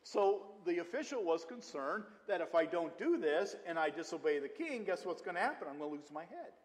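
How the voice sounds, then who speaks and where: A man's voice: high voice, sing-song, brisk. A male pastor preaching a conversational sermon, mixing scripture with personal stories. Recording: long hall reverb.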